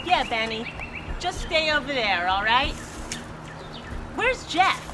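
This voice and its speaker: Lady playing a snarky bossy girl, high voice swinging around, noisy outdoor audio. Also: sing-song, takes it slowly, heavily acted. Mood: mocking. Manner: sarcastic, mocking. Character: sarcastic, bossy young woman friend.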